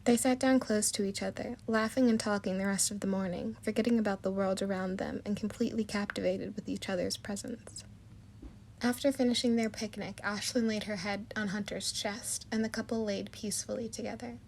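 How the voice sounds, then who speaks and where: A woman narrating a storybook chapter in a soft, even manner. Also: mid-range voice, fairly quick, vocal fry, slight background noise.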